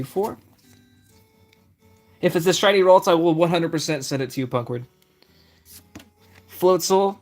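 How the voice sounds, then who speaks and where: A young man with a slightly high voice chats casually through a live stream, reading out the cards he pulls one by one and replying to viewers. Faint music plays quietly underneath. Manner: chatty, reads out card names, answers chat. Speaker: streamer opening trading card packs.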